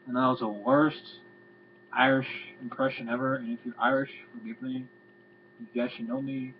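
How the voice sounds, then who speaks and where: A man's voice: medium pitch, flat delivery, moderate pace. A man rants through a casual video review, rambling and exasperated and cursing freely. The sound is thin and tinny, like a phone line. A faint hum runs underneath. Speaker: wrestling reviewer.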